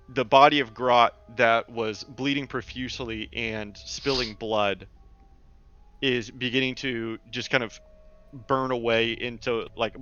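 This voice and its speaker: A man with a bright, forceful voice narrates a tabletop game as game master, piling on loose descriptive detail. He comes through a dull, lo-fi voice call with faint music underneath. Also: medium pitch, clean tone.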